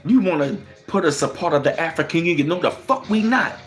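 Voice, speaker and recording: Man, livestream host: heated, swearing commentary with a lively, swinging pitch. Reads chat aloud. Faint music underneath. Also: brisk. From United States. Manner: profane and emphatic, firing off rhetorical questions.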